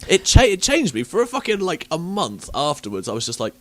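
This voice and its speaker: Casual male podcast host, sweary and lively. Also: on the high side, a little fast. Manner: sweary, animated, rambling.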